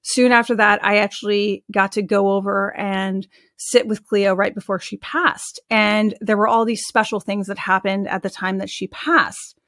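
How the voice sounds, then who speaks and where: A woman in her thirties, an animal communicator and medium, telling stories in a casual, animated way as an interview guest, full of "like" fillers. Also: mid-range voice, normal speed, few pauses, no room sound, clean studio sound. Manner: chatty and animated, with frequent "like" fillers.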